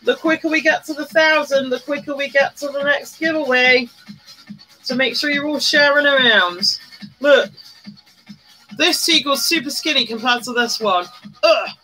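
Bubbly high-voiced woman livestreaming. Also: moderate pace, bright, forceful tone, poor audio. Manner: bubbly, greets viewers by name, squeals and hums. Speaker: livestream host. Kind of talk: chatty live-stream commentary while doing makeup. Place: indoors at home, live streaming. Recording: faint music behind.

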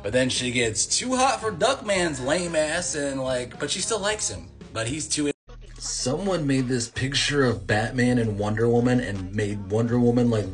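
A man in a casual, profane, rambling comedy rant who acts out characters' lines as he goes. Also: mid-range voice.

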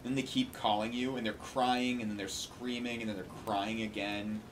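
A man's voice: fairly low pitch, flat delivery, moderate pace, background noise. A man host giving casual, sarcastic and exasperated commentary on a played call. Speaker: commentary streamer.

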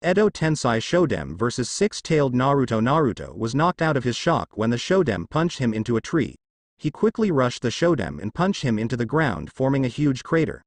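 A man narrates fan fiction in a steady, even storytelling read and lets his pitch rise and fall with lively movement. The recording is dry and close, with no room around the voice. He keeps the same plain voice for every character he reads. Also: a little fast, dry recording.

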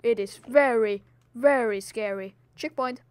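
A woman's voice: a little high, a little slow, dry recording. A woman hosting a Minecraft let's play in a put-on, theatrical voice, scolding enemies and exclaiming dramatically, in slightly non-native English. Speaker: gaming video host.

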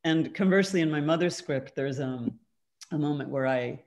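This guest artist has a deep, slightly mellow voice and speaks at a moderate pace. Responding to audience questions on a video call, she keeps things thoughtful and conversational, dropping in "um" and "kind of" along with light laughter.

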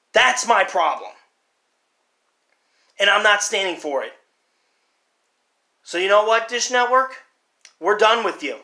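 A man delivering a heated, profane rant as a channel host, shouting in bursts before settling into a quieter, apologetic tone. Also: high-pitched. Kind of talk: angry rant to camera. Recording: roomy echo.

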